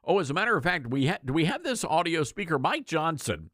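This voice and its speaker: A man's voice: fairly high pitch, sing-song, fast talker, fairly bright tone, no echo, studio quality. A man hosting a political talk radio show, commenting in a folksy, sarcastic, conversational way.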